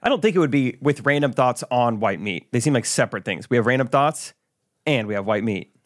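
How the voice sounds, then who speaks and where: A man co-hosting a podcast, trading relaxed, easygoing banter and recapping his week. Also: medium pitch, a little fast. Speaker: podcast co-host. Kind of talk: casual chat.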